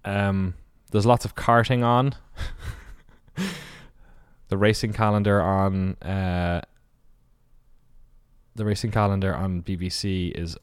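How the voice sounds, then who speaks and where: A man's voice: fairly low pitch, no room sound, clean studio sound. A man hosting a solo podcast. He rambles off the cuff, swears casually and keeps correcting himself. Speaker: podcast host.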